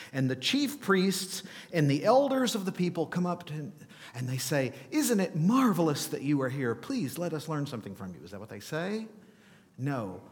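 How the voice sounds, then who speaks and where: A man preaching a sermon as pastor, animated and asking his listeners rhetorical questions. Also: medium pitch. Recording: long reverb of a large hall.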